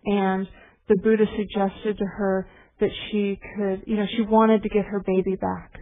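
A woman meditation teacher giving a dharma talk, telling stories in a gentle, reflective way. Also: medium pitch, little pitch movement, moderate pace. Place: meditation hall. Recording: tinny phone-like recording with faint hiss.

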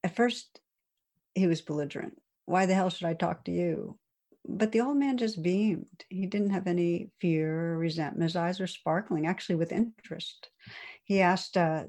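A woman meditation teacher telling a story in a dharma talk, gentle and unhurried, with soft pauses. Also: fairly low pitch.

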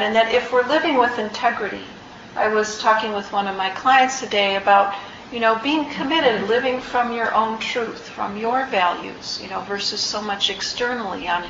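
A woman meditation teacher giving an unhurried, reflective dharma talk, gently searching for her words. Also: medium pitch, echoey room, muffled recording, noisy background. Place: meditation hall.

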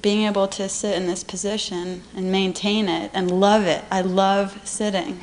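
A woman's voice: mid-range voice, flat delivery, normal speed, darkish tone, slight background noise. A woman at a meditation retreat, sharing a personal experience earnestly and emotionally. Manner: earnest, emotional, laughing often. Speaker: retreat participant.

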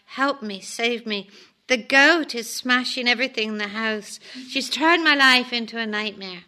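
A woman's voice: fairly high pitch, moderate pace, sharp tone. A woman voicing a desperate poor village man who pleads and laments as she reads a story aloud. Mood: lamenting.

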